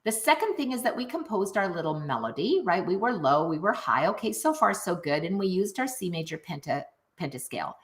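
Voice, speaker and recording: A woman's voice: lowish voice, a little fast, hardly any pauses. A middle-aged woman music teacher talking viewers through a lesson in an upbeat, chatty way. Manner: upbeat, animated, addresses viewers directly. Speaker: music teacher and program founder. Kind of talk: enthusiastic online teaching video.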